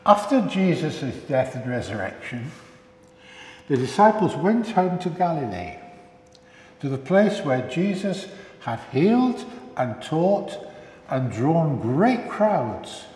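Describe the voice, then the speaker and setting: A man's voice: on the high side, sing-song, slow, warm tone. A man leading a children's talk with puppets in church, playful and coaxing, asking the congregation lots of questions. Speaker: minister. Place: large echoey church. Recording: echoey church with long reverb, faint hiss.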